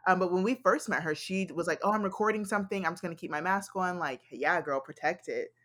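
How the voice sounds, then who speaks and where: A woman's voice: fairly low pitch, fast, a bit bright. A young woman co-hosting a podcast in casual chat, blunt and teasing, swearing freely. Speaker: podcast co-host.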